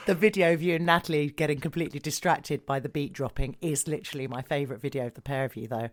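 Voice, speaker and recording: A woman's voice: low voice, fairly even intonation, fast talker, slight background noise. A middle-aged woman from England hosting a podcast, gushing about her guest and interrupting often. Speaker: podcast host. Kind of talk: casual chat.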